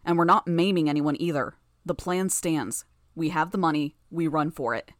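A woman voicing a menacing teenage boy gang leader who talks in a low, growling, commanding way. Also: moderate pace, dry recording, clean studio sound, lightly acted.

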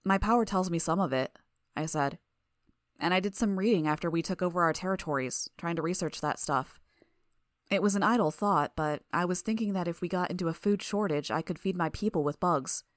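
A woman narrating a first-person fiction audiobook in a steady, even way. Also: lowish voice, brisk, no echo, clean studio sound.

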